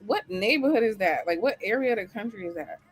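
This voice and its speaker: A woman hosting a casual chat, chatty and animated, often laughing. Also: medium pitch, fast talker, over music. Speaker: host.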